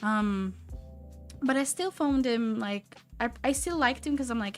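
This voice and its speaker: A young woman in her twenties chatting casually on a live stream while she draws, rambling and animated with lots of "like". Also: a little high, unhurried, soft background music. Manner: rambling and animated, heavy use of "like". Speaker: streamer and artist.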